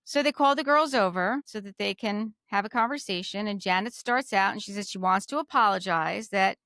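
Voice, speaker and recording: A woman's voice: medium pitch, a little fast, a bit bright, no room sound. A talkative woman with a New Jersey accent recaps a reality show in loose, opinionated chat. She circles back over her own words as she works out a point. The recording is close and dry, with no room sound. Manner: chatty, repeats herself, opinionated. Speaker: podcast co-host.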